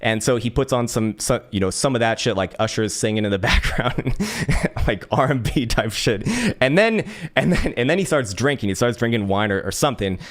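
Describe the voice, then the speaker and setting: A man from San Francisco hosts his channel and tells a personal story in a relaxed, casual way. He swears freely, stumbles into repeated words and breaks into laughter often. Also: medium pitch, a little fast. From San Francisco, USA.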